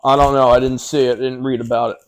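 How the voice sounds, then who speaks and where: A man's voice: medium pitch, level tone, quick pace, clean tone. A young man co-hosting a podcast, giving short, easygoing replies in casual chat. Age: young adult. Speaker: podcast co-host.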